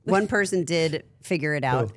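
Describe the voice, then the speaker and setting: A woman's voice: sits low, animated, normal speed. A middle-aged woman from New England hosting a casual chat, talking in a chatty, self-deprecating way and laughing easily. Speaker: host.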